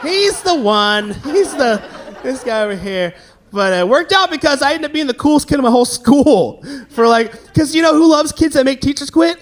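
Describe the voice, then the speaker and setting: A young man doing stand-up comedy with a high voice that climbs and swoops all over. He tells his stories with lots of animation and bursts into shouted quotes of the people in them. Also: animated, moderate pace, slight background noise. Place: comedy stage before a live audience.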